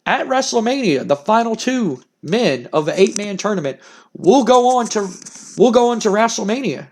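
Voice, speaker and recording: High-voiced man narrating a wrestling sim. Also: vocal fry. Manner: rambling, cursing, chuckling. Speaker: game streamer.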